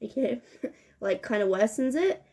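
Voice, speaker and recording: A woman's voice: fairly high pitch, animated, a little slow, dark tone. A young woman chatting casually while doing her makeup, laughing and swearing often. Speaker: beauty vlogger. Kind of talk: get-ready-with-me chat.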